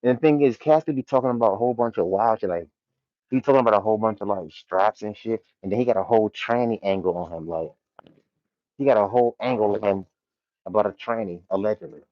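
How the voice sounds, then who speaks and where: A man's voice: fairly low pitch, fast, no echo, muffled recording. A man hosting a casual livestream, talking in loose, slang-heavy commentary and reading chat from a warehouse. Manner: loose, laid-back slang-heavy commentary with frequent laughs. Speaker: livestream host.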